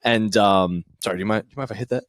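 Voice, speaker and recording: A man's voice: lowish voice, very fast, no echo, studio quality. Rambling young man telling stories. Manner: rambling, filler-heavy storytelling with voiced impressions. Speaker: podcast co-host. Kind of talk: casual storytelling chat.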